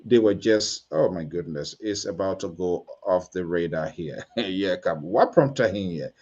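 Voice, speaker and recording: A man's voice: low voice, animated, a little slow, darkish tone, breathy edge. A man hosting a political talk show, talking in an emphatic, rambling way. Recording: dull lo-fi sound.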